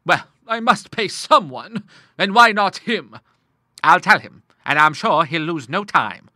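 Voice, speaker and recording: A man's voice: sits high, animated, unhurried, pushed and bright, no echo, clean studio sound, pitched above the performer's own voice, exaggerated voice. A man reading an audiobook, voicing a hearty, blustering old retired navy admiral who talks in sea terms. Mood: bluff.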